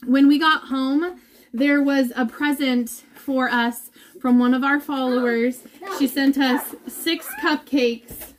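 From her home indoors, a mother gives her followers a heartfelt, emotional vlog update, speaking of holding back tears. Her voice is high and steady, and she takes it slowly.

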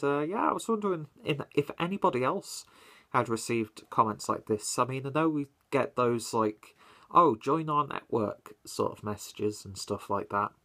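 A man's voice: medium pitch, pushed and bright. Rambling, swearing young man. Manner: swears freely, rambling and self-mocking. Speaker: beer vlogger. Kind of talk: casual vlog chat. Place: home, indoors and in a basement.

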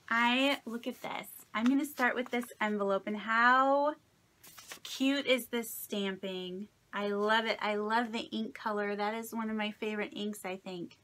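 A woman's voice: on the high side, fairly even intonation, slow pace, pauses often, a bit bright, a little hiss or hum. A woman from Indiana, a craft vlogger, gushing sentimentally through an unboxing, a little unwell and shaky. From Indiana, United States. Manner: gushing, sentimental, many delighted exclamations. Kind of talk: casual unboxing vlog.

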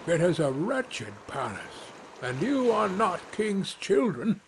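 A man's voice: high-pitched, big pitch swings, slow pace, noisy background, pitched above the performer's own voice, full character voice. A man doing a rude, impatient bear. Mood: blunt. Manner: blunt and insulting.

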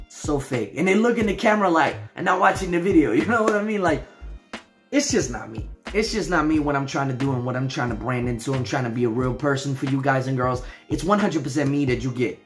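Earnest Danish man, American-sounding accent. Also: medium pitch. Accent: American-sounding English. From Denmark. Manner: earnest and affectionate, often falls back on "so, yeah". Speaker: channel host. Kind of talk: casual chat reading viewer comments.

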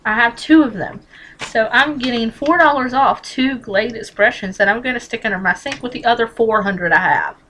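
A woman's voice: a little high, moderate pace, a bit bright, slight background noise, low-quality recording. A woman vlogging a casual how-to on couponing, blunt and chatty, with mild swearing and lots of emphatic repetition, speaking straight to the viewer.

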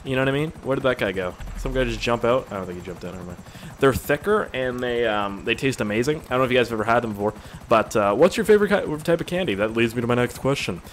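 Expressive and quick, this medium-pitched young man narrates his gameplay with casual swearing for his gaming videos. He hops between topics, sounds weary, and finds things funny easily, with slight background noise present.

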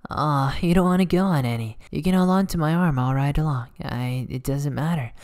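A voice actor playing a cocky, teasing teenage boy volleyball setter in a soft, whispered role-play. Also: medium pitch, brisk, clean tone, lightly acted. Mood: playful. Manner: playful, teasing, soft-spoken. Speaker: ASMR voice actor.

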